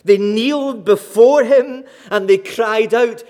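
A man's voice: very high-pitched, takes it slowly, a little mellow. A man preaching a sermon in an emphatic, dramatic way, repeating key phrases for weight.

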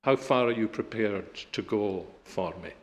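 A middle-aged man preaching a sermon, emphatic, rising to loud peaks and dropping to quiet, slow stresses. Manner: emphatic, building to loud peaks then dropping low and soft. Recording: long hall reverb.

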